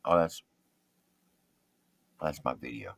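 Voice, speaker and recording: A middle-aged man and military veteran telling war stories in casual, profane, animated talk. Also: very deep voice, slow, vocal fry, dry recording. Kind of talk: casual storytelling.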